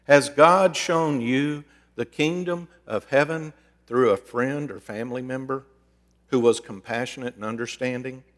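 A middle-aged man preaching and counseling, telling personal stories in an earnest, conversational way with sudden shifts between loud and soft. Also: mid-range voice, a little slow. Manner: earnest, conversational, with dramatic swings in loudness. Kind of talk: storytelling sermon. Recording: long reverb in a large hall.

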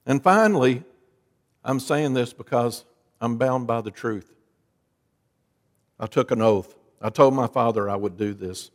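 A man preaching a sermon as a pastor, with dramatic swings between soft, low lines and loud, emphatic ones. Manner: dramatic preacher, lively rises and drops in pitch and volume. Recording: long reverb of a large hall.

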